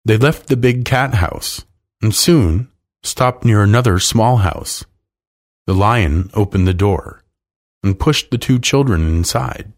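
A man reading a children's storybook aloud in a calm, measured way. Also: lowish voice. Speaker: narrator.

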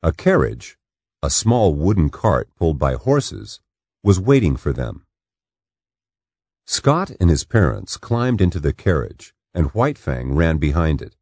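A man narrating an audiobook in a slow, expressive storytelling manner. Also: very deep voice, no room sound.

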